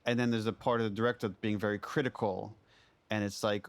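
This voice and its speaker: Lowish male voice, thoughtful. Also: little pitch movement, brisk, no room sound. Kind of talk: interview reflection.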